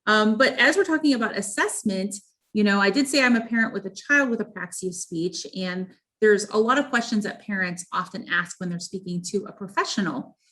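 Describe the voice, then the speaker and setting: A woman who is the parent of a child with a speech disorder, interviewing an expert in a friendly, clear way. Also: medium pitch, a little fast, bright, forceful tone. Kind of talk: conversational interview.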